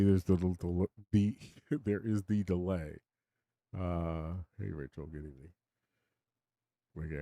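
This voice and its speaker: A man's voice: fairly low pitch, warm tone, no room sound, studio quality. An older man hosting his own live stream, rambling and opinionated, chuckling as he talks to his chat. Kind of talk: casual live-stream monologue.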